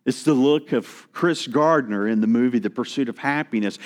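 A middle-aged man preaching a sermon, slow and earnest, dropping to a hush for emphasis. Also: fairly high pitch. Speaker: pastor.

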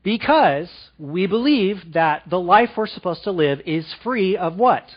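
A man preaching a sermon to a live congregation, asking them questions and dropping to a soft, quiet voice for emphasis. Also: high-pitched, lively intonation, unhurried, dull audio. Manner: engaging, asks the audience questions.

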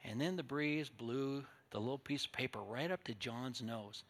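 An older man preaching a sermon as pastor, telling stories, moving from quiet asides to loud emphatic points. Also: medium pitch, moderate pace, noisy background.

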